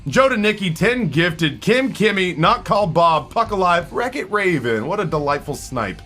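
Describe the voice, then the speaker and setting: A man's voice: high-pitched, big pitch swings, moderate pace, sharp tone, faint music behind. A man in his forties chatting live with his stream viewers, rambling, swearing and greeting people in chat by name. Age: 40s.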